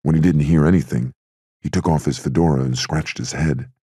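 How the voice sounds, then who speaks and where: A man narrating a crime novel audiobook in a steady, measured storytelling manner. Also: a bass voice, husky, no room sound, studio quality.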